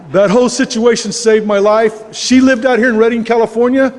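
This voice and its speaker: High-voiced man, echoey hall. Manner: folksy, rambling storyteller, laughing often at himself. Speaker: recovery meeting speaker. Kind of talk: personal recovery story talk. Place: club meeting hall. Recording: echoey hall with long reverb.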